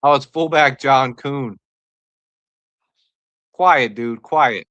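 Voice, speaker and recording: A woman hosting a live draft reaction stream, excitable and joking, answering chat as she goes. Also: extremely low pitch, takes it slowly, long pauses, dry recording.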